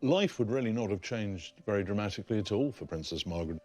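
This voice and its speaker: Male historian, low voice, emphatic explainer, faint music bed. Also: lively intonation, fast, a little mellow. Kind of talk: explaining archive documents.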